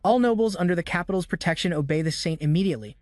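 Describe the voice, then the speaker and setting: A man's voice: sits high, very fast, darkish tone, no room sound, clean studio sound, close to an everyday voice. A man voicing a furious, domineering male king who gives threatening commands.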